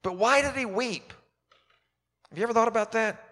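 Pastor preaching in a big echoing hall. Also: male voice, very high-pitched, moderate pace, a bit bright. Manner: conversational preaching, asks the listeners questions. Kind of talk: sermon. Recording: long reverb of a large hall.

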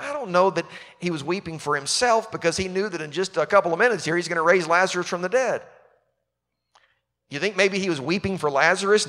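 A man's voice: on the high side, a bit bright. A man preaching a sermon as pastor, talking conversationally and asking his listeners questions. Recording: long reverb of a large hall.

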